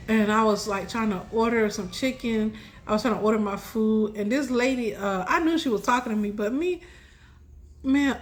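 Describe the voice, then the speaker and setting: Young adult woman, high voice, casual storyteller, chatty, laughs often. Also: fairly bright tone, slight background noise. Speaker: tarot reader telling a personal story.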